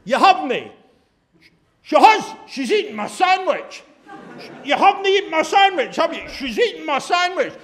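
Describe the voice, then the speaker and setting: Loud, shrill, scornful Scottish train gossip, put on by a man, pitched high. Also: very animated, normal speed, heavily acted. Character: loud brash Fife woman on a train.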